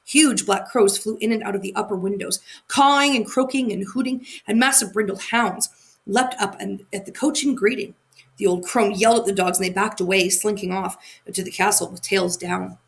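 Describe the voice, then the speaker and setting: A woman narrating a fairy tale aloud, expressive and sometimes correcting her own slips. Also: mid-range voice, moderate pace, vocal fry. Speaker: audiobook narrator. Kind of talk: storybook reading.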